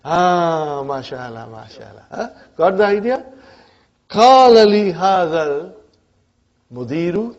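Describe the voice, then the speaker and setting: A man's voice: a little high, animated, normal speed, dull audio. A man teaching an Arabic grammar class to adult students, often stopping to check in with "huh?" and "brothers and sisters". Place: community centre classroom.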